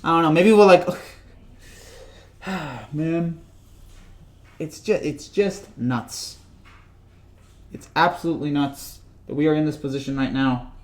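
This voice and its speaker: High-voiced rambling sports vlogger man. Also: slow, long pauses. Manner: rambling, joking, repeats himself. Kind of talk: casual vlog rant.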